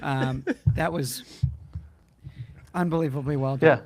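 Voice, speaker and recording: A man's voice: mid-range voice, fairly even intonation, slow, no echo. A man hosting a talk show, reacting to his co-host with dry, amused banter.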